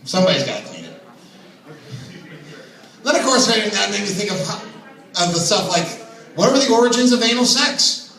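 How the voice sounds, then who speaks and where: A man's voice: high-pitched, lively intonation, moderate pace, gravelly, pauses often, sharp tone. A young man doing open mic stand-up comedy, telling self-deprecating stories with chatty asides. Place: small comedy venue with audience. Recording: echoey room recorded from far off.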